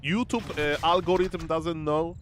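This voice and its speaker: A young male esports caster streaming live, his voice sitting a little high for a man. He is playful and chatty, tossing out exclamations while he comments on the match. A faint hiss sits under his voice. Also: steady tone, measured pace. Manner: playful, chatty, exclaims and reads chat aloud.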